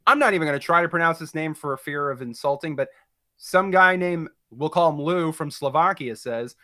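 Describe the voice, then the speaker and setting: A male host with a fairly high, bright, forward voice. He chats loosely and is easy to talk to. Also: normal speed. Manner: easygoing, talkative. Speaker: interviewer host. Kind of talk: casual interview chat.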